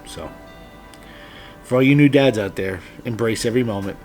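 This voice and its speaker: A man's voice: fairly low pitch, moderate pace, darkish tone, soft background music. A man in his late thirties, a father giving heartfelt, earnest advice to other dads, sometimes blunt and swearing. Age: 30s. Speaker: father vlogger. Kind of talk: heartfelt personal monologue.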